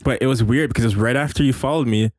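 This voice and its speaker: A man's voice: medium pitch, no room sound. Easygoing man hosting a casual podcast, curious questions, dry close sound. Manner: asks questions, relaxed, quick to react.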